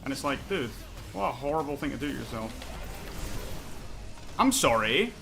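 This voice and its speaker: A man's voice: mid-range voice, lively intonation, normal speed, creaky, over music. A man streaming a competitive online game, ranting heatedly and swearing while he argues a point and scolds himself over his plays. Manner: heated, profane, argumentative, self-critical. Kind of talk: live gameplay commentary and ranting.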